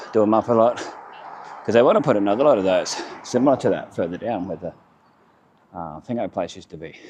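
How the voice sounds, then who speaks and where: A low-voiced man strolls outdoors, narrating his town in loose, self-correcting fragments. His delivery is casual and wandering, with a faint outdoor hiss and insects in the background. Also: a little mellow. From Australia. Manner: rambling, chatty, self-correcting, speaks in short fragments. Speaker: vlogger giving a walking tour of his town. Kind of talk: casual walking-tour commentary. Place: outdoors on town streets by a river.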